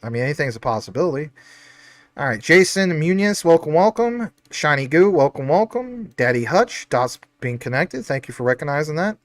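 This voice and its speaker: A man's voice: a little high, very animated, moderate pace, no room sound. A man hosting a casual livestream, reading out chat comments in an upbeat, chatty, jokey way. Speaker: livestream host.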